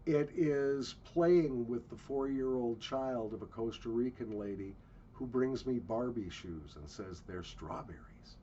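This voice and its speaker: A man's voice: mid-range voice, measured pace, mellow. A man telling travel stories in a blunt, profane ranting monologue while walking outdoors. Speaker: travel vlogger. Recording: muffled with faint ambient noise.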